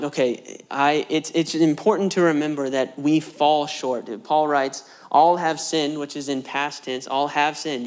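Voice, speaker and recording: A man preaching a conversational sermon, asking rhetorical questions and explaining scripture in plain, everyday words. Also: fairly high pitch. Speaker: pastor.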